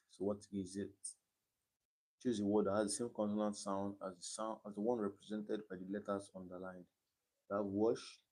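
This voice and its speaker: Young Nigerian male tutor with a slightly low voice, repeats his points, patient and step by step on a live stream. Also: darkish tone. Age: young adult. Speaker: online exam tutor.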